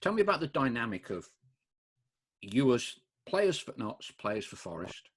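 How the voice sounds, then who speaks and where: Husky, eager podcast host. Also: male voice, medium pitch, very animated, moderate pace. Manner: eager, enthusiastic questioner. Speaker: podcast host, club supporter. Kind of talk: casual interview.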